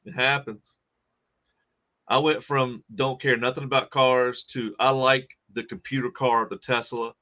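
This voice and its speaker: Male co-host, bright tense tone, dull lo-fi recording. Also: medium pitch, normal speed, hardly any pauses. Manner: animated storyteller, laughs at himself. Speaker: podcast co-host. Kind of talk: casual chat.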